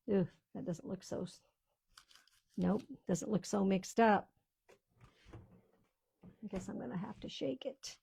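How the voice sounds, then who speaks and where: A woman's voice: mid-range voice, creaky, mellow, husky. A woman in her sixties chatting casually to viewers while she crafts, rambling through family stories in a talkative, storytelling way. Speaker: craft video host. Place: small-town home.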